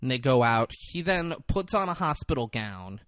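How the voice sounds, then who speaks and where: A man on a podcast casually recapping a movie plot, jumping into loud, high voices when he quotes the characters. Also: moderate pace, no room sound, studio quality. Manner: animated retelling, acting out characters in quotes. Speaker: podcast co-host.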